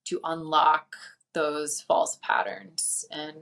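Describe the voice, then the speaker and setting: A woman speaking softly and slowly as a guest in a casual podcast chat. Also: low-pitched, fairly even intonation, creaky.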